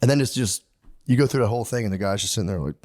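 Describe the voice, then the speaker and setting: A man's voice: lowish voice, racing, darkish tone. Rambling, profane man chatting on a podcast. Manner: rambling, profane, laughs often, does mocking voices in quotes. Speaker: podcast co-host. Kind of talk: casual chat.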